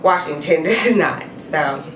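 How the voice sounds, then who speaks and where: A woman's voice: deep voice, animated, takes it slowly, slight background noise. A woman with a cold, coughing now and then, chatting casually through her football picks with little laughs and the odd "y'all". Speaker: vlogger giving football picks. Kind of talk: casual to-camera picks vlog. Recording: echoey room.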